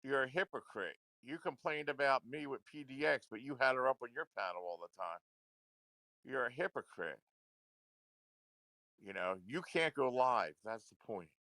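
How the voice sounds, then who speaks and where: A man's voice: medium pitch, normal speed, creaky, bright, forceful tone, no room sound. A man ranting into a livestream, confrontational and repetitive, swearing often. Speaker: livestream commentator.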